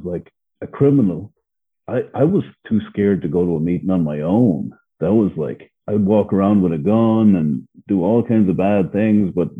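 An Irish man appears as a podcast guest, his fairly low, slightly rough voice heard over a narrow, phone-like recording. He tells his story bluntly and candidly, swearing and laughing as he goes.

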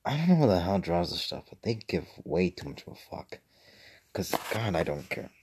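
A young man streaming and rambling, swearing freely and trailing off into mumbles. His voice is deep with a gravelly rasp. A faint hiss runs underneath. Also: sing-song, moderate pace, darkish tone. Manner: rambling, profane, mumbling asides. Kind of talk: casual rambling livestream chat.

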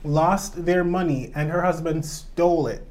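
A man co-hosting a podcast, gossiping in a sassy, animated way. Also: a little high, measured pace. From Toronto. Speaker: podcast co-host. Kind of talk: casual chat.

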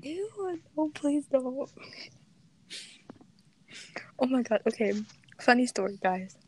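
A teenage girl chatting casually and telling a story, animated and giggly, laughing often. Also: high voice, unhurried, slight background noise. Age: teens. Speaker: podcast co-host.

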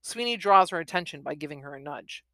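Bright-voiced woman reading and critiquing. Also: deep voice, lively intonation, quick pace, no echo. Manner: thoughtful, with many fillers. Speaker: reader and writing commentator. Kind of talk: reading a novel aloud with craft commentary.

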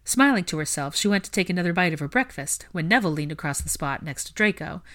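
A woman narrating a storybook chapter in a calm, even reading voice. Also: on the low side, quick pace. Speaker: audiobook reader.

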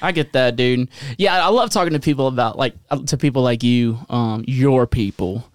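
A man's voice: medium pitch, moderate pace, smooth, no room sound, clean studio sound. A man hosting a podcast, chatting casually with short, blunt, sweary replies. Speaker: podcast host. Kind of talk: casual chat.

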